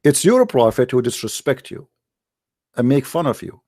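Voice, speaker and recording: A man's voice: medium pitch, very animated, normal speed, warm tone. A man hosting a heated call-in debate, arguing hard and repeating his questions over and over. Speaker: debate host.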